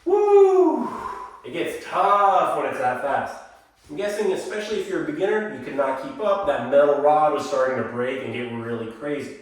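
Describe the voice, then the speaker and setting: A man's voice: mid-range voice, a little fast. A male dance instructor teaching a lesson, calling out counts in a singsong rhythm and explaining the drills. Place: dance studio. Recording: echoey studio, voice from far off.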